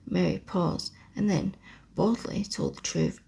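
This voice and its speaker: A woman reading a classic children's book aloud in a slow, soft whispered role-play. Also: fairly low pitch, creaky, slightly rough. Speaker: ASMR storyteller.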